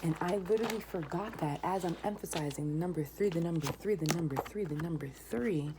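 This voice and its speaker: A tarot reader with a deep, low voice reads cards for her vlog, often dropping to a whisper before bursting into excited exclamations. She speaks fairly quickly with hardly any pauses, and a steady hiss runs under the home recording.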